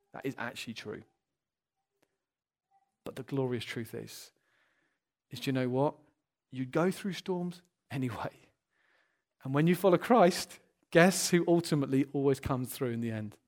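A middle-aged man preaching a sermon, lively and animated, moving from playful asides to hushed, earnest appeals. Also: fairly high pitch.

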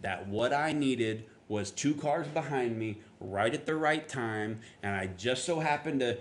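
Male pastor, mid-pitched, chatty storytelling sermon, voices the people in his anecdote. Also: lively intonation, measured pace, slight background noise. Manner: conversational storytelling, acts out quotes with rising pitch.

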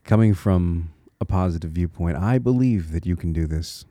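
With a low, mellow voice at normal speed, a podcast host from Connecticut, USA, talks on his own show. He comes across as earnest, reflective, and encouraging, restarting small pieces as he thinks aloud, in a clean studio recording with no echo.

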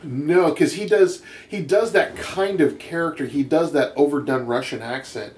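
A man's voice: on the high side, normal speed, a little mellow. A man chatting casually on a podcast, laughing often and restarting his sentences. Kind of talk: casual chat. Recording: roomy echo, faint background noise.

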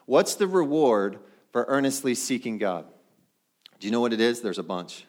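A man's voice: medium pitch, expressive, moderate pace, darkish tone. A middle-aged male pastor preaching a sermon in a conversational way, often putting questions to the congregation.

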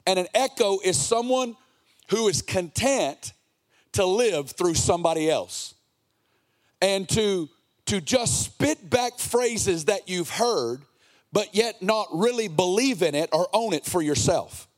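High-voiced impassioned male preacher. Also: lively intonation, slow. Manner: earnest, impassioned preaching that sometimes slips into a sing-song cadence. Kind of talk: sermon.

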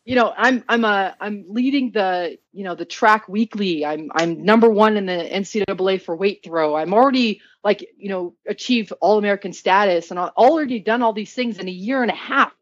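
A woman telling an animated story in casual chat, swearing a lot and laughing often. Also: mid-range voice, a little fast, hardly any pauses. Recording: dull, dry sound.

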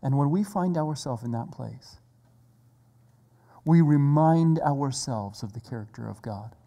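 Slow, earnest preacher in a reverberant hall. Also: medium pitch, animated, mellow. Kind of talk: sermon. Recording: long reverb of a large hall.

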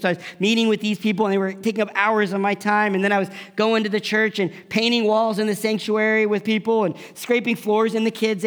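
A middle-aged man preaching a sermon as a pastor, telling a personal story with sudden loud emphatic peaks and drops into a whisper. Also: high voice, clean tone.

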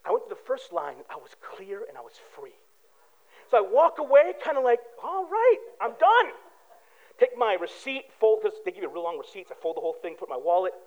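A man's voice: high-pitched, very animated, quick pace, narrow, tinny audio. A man, a pastor, giving a conversational sermon full of everyday stories and asides to the congregation. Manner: casual storytelling with asides to the congregation.

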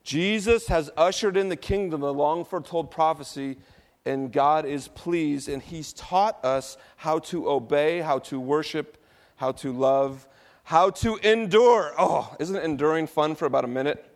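A man preaching a sermon to his church, drawing the congregation into call-and-response and moving between soft, low passages and loud ones. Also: unhurried. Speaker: pastor.

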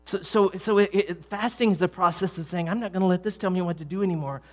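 A man's voice: high-pitched, fast talker, few pauses. Conversational middle-aged male pastor. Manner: conversational, repeats words and restarts, rises to emphatic peaks. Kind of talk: sermon.

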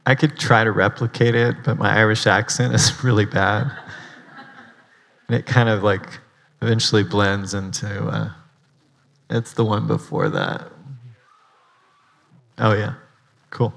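A man's voice: lowish voice, level tone, measured pace, gravelly, pauses often, fairly bright tone, long reverb tail. A man giving a casual sermon as pastor, chatty, with rambling asides.

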